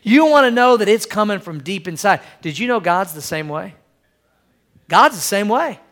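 Speaking straight to his congregation, a male pastor delivers a sermon in a high, somewhat bright voice that's expressive and moderately paced. He hammers home phrases through repetition and asks for amens.

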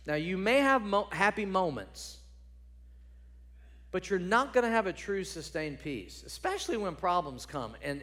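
A man preaching a sermon, building to loud emphatic peaks and dropping to quiet, low points. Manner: drops to low quiet tones on key points.

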